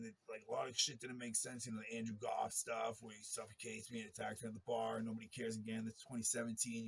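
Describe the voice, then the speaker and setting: A man's voice: mid-range voice, vocal fry, slight background noise. A man in a long, rambling monologue, talking in a profane and agitated way. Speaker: interviewee telling his story.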